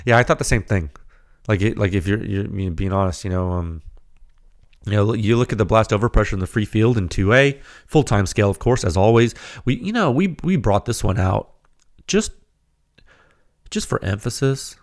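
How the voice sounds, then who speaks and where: A man hosting a podcast, slightly hoarse and losing his voice, giving an emphatic, rhetorical unscripted technical monologue straight to his audience. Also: lowish voice, animated, moderate pace. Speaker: podcast host, firearms silencer researcher.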